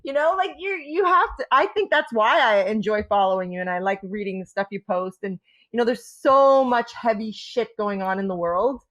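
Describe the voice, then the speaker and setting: A woman's voice: mid-range voice, moderate pace, hardly any pauses, dull audio. A woman co-hosting a podcast in casual chat, speaking in a friendly, encouraging way. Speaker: podcast co-host.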